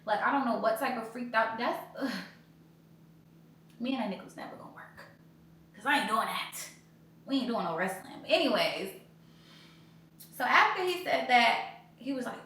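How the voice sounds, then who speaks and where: A young woman hosts a podcast, casually recounting her own breakup in a blunt, profane way and switching to high, loud voices whenever she quotes others. She speaks at a normal speed with long pauses. The room is very echoey, with faint background noise.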